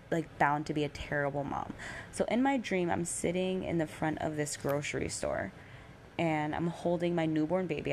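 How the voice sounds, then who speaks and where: A woman's voice: sits low, darkish tone, slight background noise. A young woman and mother telling a personal story in a casual, candid way, swearing freely and using lots of fillers.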